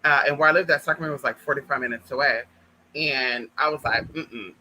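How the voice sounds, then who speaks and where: A man telling a personal story to viewers in an animated, profane way, often calling them girl and y'all. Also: mid-range voice, fast talker, poor audio. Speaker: vlogger. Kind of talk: casual storytime monologue.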